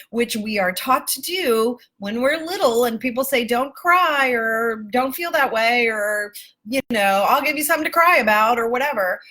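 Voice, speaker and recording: A woman life coach speaking live to her viewers, emphatic and affectionate, calling them baby and my love and swearing casually. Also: fairly high pitch. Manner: warm, emphatic, calls listeners baby and my love. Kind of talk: live-stream coaching talk.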